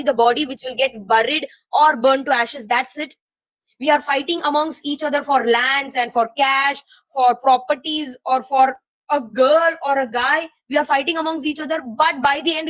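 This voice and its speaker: A woman's voice: sits high, steady tone, normal speed, a bit bright, no echo, poor audio. A young woman talking to her viewers, venting her jumbled thoughts in a rambling, confused and frustrated way while feeling emotionally heavy. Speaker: vlogger. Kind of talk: personal venting to camera.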